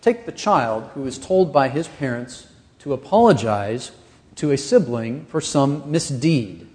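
A man's voice: mid-range voice, lively intonation, unhurried, a little mellow, in a large hall. A man preaching a sermon as pastor of a church, earnest and pressing his points with rising emphasis.

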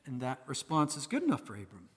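A man's voice: mid-range voice, huge pitch swings, quick pace, slightly rough, big-room sound. A man preaching a sermon in a conversational way, posing rhetorical questions to his listeners. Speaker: pastor.

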